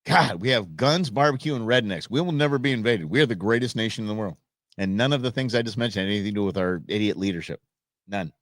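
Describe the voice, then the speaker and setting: A man hosting a live stream show, ranting and joking in a casual, animated way. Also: on the low side, fast talker, dry recording, studio quality. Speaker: host. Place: Phoenix.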